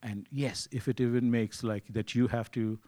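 Preaching at a moderate pace, this man has a medium-pitched, mellow voice with fairly even intonation. His sermon feels conversational, full of "you see" questions and quoted renditions of his own thoughts.

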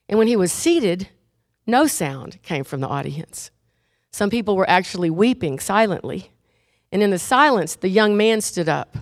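A woman preaching a sermon and leading a closing prayer, lively and laughing at times, turning earnest and quiet when she tells a story. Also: lowish voice, measured pace, dry recording, clean studio sound.

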